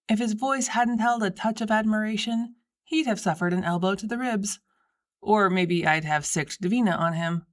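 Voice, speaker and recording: Woman reading a cozy mystery audiobook, mid pitch, wry and lively. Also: moderate pace. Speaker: audiobook narrator. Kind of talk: scripted first-person narration.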